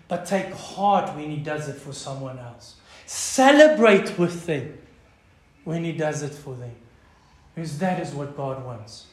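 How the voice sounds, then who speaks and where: South African preacher in an echoing hall. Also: male voice, high voice. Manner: impassioned preaching, swinging from loud to hushed. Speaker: pastor. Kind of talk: sermon.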